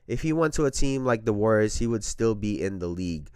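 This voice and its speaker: Slangy sports-talk host, dry sound. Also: male voice, on the low side, animated, brisk, a little mellow, clean tone, no room sound. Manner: conversational, slangy, repeats phrases. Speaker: podcast host.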